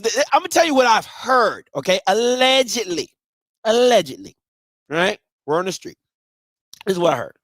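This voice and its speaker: Hosting a live sports talk program, a man goes on a casual, foul-mouthed rant that drops to mutters and rises to shouts. It's a dry recording.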